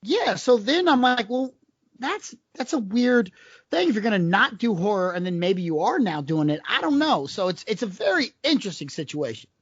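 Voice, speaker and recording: A man's voice: high-pitched, very animated, normal speed, husky, no echo. A man co-hosting a casual podcast, slangy and joking with a sarcastic edge. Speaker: podcast co-host. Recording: dull lo-fi dry sound.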